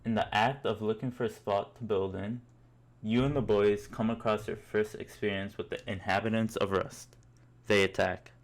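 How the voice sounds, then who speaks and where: A man's voice: fairly low pitch, steady tone, normal speed. Young man, amused mock-epic storyteller. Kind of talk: second-person comic storytelling.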